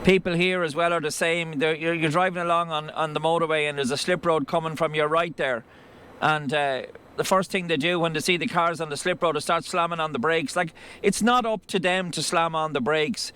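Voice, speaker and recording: A man's voice: a little high, fairly even intonation, brisk, bright, forceful tone, clean tone. An Irish man driving a truck, talking bluntly and swearing freely in a rambling way from his cab. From Ireland. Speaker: truck driver. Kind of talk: driving vlog commentary. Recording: road noise in the cab.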